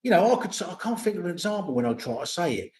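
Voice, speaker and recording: An older Englishman chatting loosely on a livestream, rambling off on tangents and dropping the odd swear word. His voice sits somewhat high for a man. The room adds a noticeable echo. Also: very animated, rapid-fire, a little mellow. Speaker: vlogger. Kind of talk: casual livestream chat. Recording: roomy echo.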